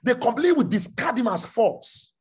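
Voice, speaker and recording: A man preaching a sermon, repeating his phrases and asking the listeners rhetorical questions, at times rising to a shout. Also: very high-pitched, sing-song, brisk, husky.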